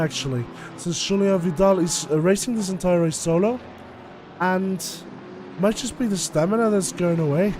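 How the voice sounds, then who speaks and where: A race commentator with a high voice calls a sim race live, breaking down lap times and strategy in a chatty, analytical way. He laughs easily, and loud race car noise runs behind him.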